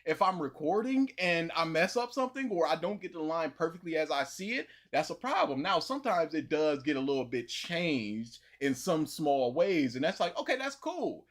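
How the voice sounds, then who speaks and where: A man's voice: a little high, moderate pace, hardly any pauses. Chatty man telling a rambling story. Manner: rambling, animated storytelling with repetitions. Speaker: YouTuber hosting a livestream. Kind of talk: casual livestream chat.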